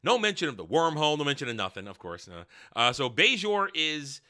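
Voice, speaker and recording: A man's voice: on the high side, very animated, a little fast, bright, forceful tone. Sarcastic man ranting through a review. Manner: sarcastic, rambling, profane asides. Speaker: TV review host. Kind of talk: casual spoken review recap.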